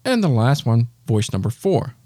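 A man's voice: medium pitch, big pitch swings, moderate pace, dark tone, no room sound. A man hosting a step-by-step tutorial, patiently talking the listener through each gesture. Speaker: tech tutorial host.

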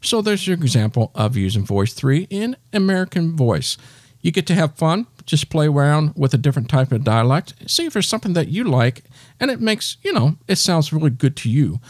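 A man's voice: fairly high pitch, big pitch swings, normal speed, dry recording, clean studio sound. A man hosting a step-by-step tutorial, patiently talking the listener through each gesture. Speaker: tech tutorial host.

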